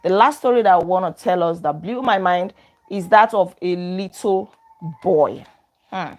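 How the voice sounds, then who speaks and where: A woman's voice: on the low side, unhurried. A woman hosting a book review, casually retelling an anecdote in her own words with many asides. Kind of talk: casual storytelling.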